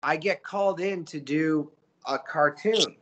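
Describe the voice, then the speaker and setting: A man, a voice actor telling stories as an interview guest, animated and slipping into character voices. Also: fairly high pitch, unhurried, highs cut off. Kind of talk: casual storytelling interview.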